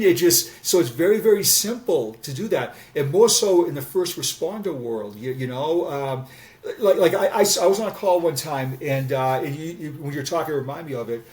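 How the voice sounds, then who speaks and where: A man's voice: on the high side, lively intonation, a little fast, a little mellow. A man around sixty, a former police officer, telling candid stories in a podcast conversation, earnest and repeating words as he restarts sentences. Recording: voice distant from the mic.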